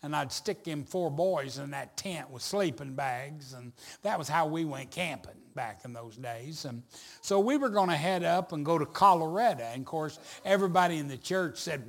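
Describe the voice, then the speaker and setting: A man preaching a sermon, telling a folksy story and building to loud emphatic points. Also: on the high side, normal speed. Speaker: pastor.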